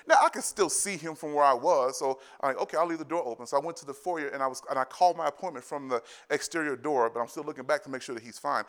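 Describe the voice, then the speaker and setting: A man in his thirties, a pastor, preaching a sermon, telling family stories in an animated way, repeating phrases and often laughing. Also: fairly high pitch, quick pace, few pauses. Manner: animated storytelling, rising to loud excited bursts.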